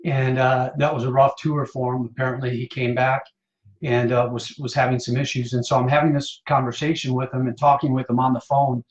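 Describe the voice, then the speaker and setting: A man from Michigan, a pastor and Marine veteran, tells a personal testimony on a live stream in a casual, halting way full of fillers and restarts. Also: mid-range voice, flat delivery. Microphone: phone or webcam for a live stream. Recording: dull, roomy live-stream audio.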